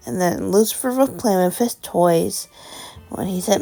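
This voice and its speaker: A woman making up and telling a children's story in an unhurried way. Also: mid-range voice, vocal fry, warm tone, faint music behind. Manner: unhurried, with fillers and restarts. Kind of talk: improvised children's story narration.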